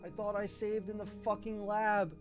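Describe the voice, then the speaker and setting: A man's voice: high voice, level tone, normal speed. A young man streaming a video game live, swearing freely and ranting to his chat in exasperation. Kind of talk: live gameplay stream commentary. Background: faint game music.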